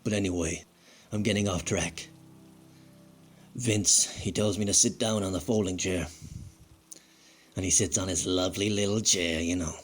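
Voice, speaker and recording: A man's voice: sits low, fairly even intonation, normal speed, pauses often, soft background music, close to an everyday voice. Man doing a foul-mouthed fired wrestler. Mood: bitter. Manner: foul-mouthed, rambling, self-pitying. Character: crude bitter fired male wrestler, middle-aged. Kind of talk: comedic monologue sketch.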